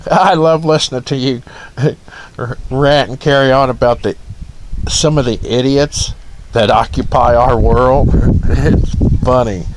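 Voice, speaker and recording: A man's voice: medium pitch, measured pace, rough recording. A man from Ohio hosting a casual livestream from his front porch, rambling, chuckling often and greeting viewers by name. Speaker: livestream host.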